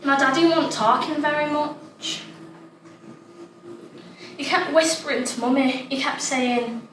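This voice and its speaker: A woman's voice: high voice, a little slow, fairly bright tone, a little hiss or hum. A woman playing an imaginative, chatty young child, delivering a dramatic monologue, childlike and plain-spoken. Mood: puzzled. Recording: roomy echo, distant mic, faint ambience.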